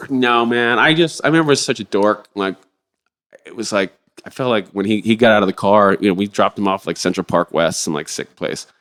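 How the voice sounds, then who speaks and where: A middle-aged man telling stories as a podcast guest in a rambling, animated way, swearing freely. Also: lowish voice, a little fast. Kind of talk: casual interview storytelling.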